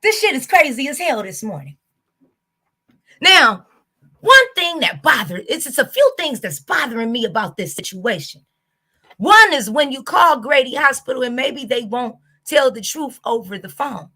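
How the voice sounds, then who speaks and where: A woman's voice: high-pitched, sing-song, normal speed, pushed and bright. A woman YouTube host with a Southern US accent, ranting bluntly and profanely to her viewers. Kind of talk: casual reaction rant to camera.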